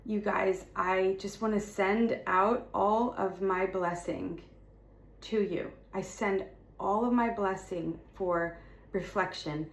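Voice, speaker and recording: A woman's voice: medium pitch, steady tone, slow pace, vocal fry. A woman speaking as a spiritual content creator, giving impassioned encouragement to her viewers in a fervent, repetitive way with emphatic declarations. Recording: roomy echo with faint ambience.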